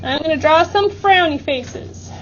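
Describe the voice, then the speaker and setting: Woman math teacher, very high voice, upbeat, classroom instruction, dull noisy recording. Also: a little slow. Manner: upbeat, leads call-and-response chants.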